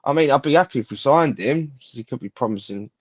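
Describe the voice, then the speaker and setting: A man's voice: mid-range voice, lively intonation, brisk, slightly rough, muffled recording. A man co-hosting a casual football chat, trading mocking, sweary banter. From England. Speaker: podcast co-host.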